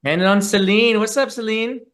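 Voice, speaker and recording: A man answering fan questions in a relaxed, thoughtful casual chat over a video call, with plenty of fillers. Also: high-pitched, moderate pace. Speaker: guest musician meeting fans.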